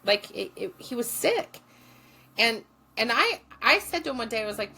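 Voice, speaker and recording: A woman's voice: on the high side, expressive, a little fast, pushed and bright. A woman guest, a former social work teacher, telling stories in a blunt, profane and passionate way. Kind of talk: storytelling in conversation.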